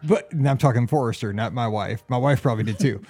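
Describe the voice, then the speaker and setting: A man and football coach, a podcast co-host, chatting casually with jokes and animated stories. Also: mid-range voice, quick pace, faint music behind. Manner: jokey, animated storyteller, laughs often. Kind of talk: casual chat.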